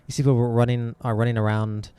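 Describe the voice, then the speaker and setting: A man's voice: mid-range voice, level tone, fast talker, dark tone, smooth. A man narrating a tabletop game as game master, rambling with lots of fillers and restarts.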